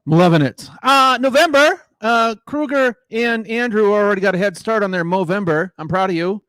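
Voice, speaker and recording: A man's voice: sits high, normal speed, sharp tone, smooth, no room sound, studio quality. A middle-aged man doing a crude, rambling stand-up set who laughs at his own jokes, on a mic in a small garage room. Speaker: stand-up comedian. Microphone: microphone in a garage.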